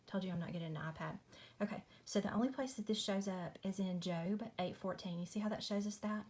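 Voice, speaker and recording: A woman's voice: mid-range voice, fairly quick, darkish tone. A woman, chatting casually through a Bible study at home at night, apologetic and friendly, saying y'all. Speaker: Christian video host.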